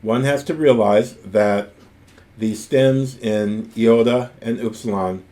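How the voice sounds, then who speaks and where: Man, Greek teacher, lecture, slow deliberate delivery, fairly low voice. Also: dark tone. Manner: slow, deliberate, spelling out word forms; enthusiastic aside about grammar rules. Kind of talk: recorded lecture.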